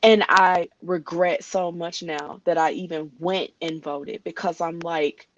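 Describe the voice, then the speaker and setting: A woman's voice: fairly low pitch, unhurried, few pauses. A woman in a heated discussion, ranting passionately and speaking like a preacher about prophecy. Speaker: guest. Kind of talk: heated political and religious discussion. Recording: dull lo-fi audio.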